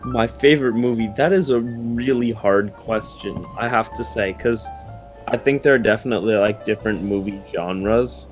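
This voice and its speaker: A young man from Minnesota, a podcast guest with a deadpan, dry way of joking in casual chat. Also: fairly low pitch, normal speed, faint music behind.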